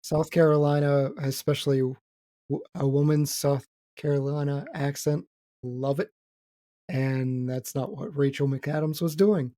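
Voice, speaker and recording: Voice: medium pitch, fairly even intonation, unhurried, dark tone. A podcast co-host making wry, joking remarks in a casual film discussion.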